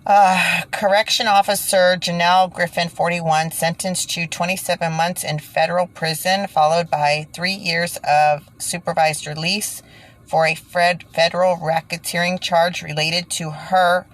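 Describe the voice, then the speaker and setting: A woman's voice: lowish voice, fairly even intonation, measured pace. A woman giving indignant commentary, repeating points for emphasis, then reading a news report aloud and stumbling over words. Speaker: video creator reading news. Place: indoors by fading daylight.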